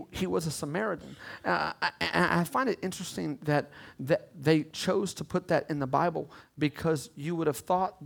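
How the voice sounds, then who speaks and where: A male pastor preaches with a gravelly, fry-tinged voice. He keeps it conversational and playful with the congregation. He swings from hushed delivery to loud bursts. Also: on the high side. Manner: animated, swings from whispers to shouts. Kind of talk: sermon.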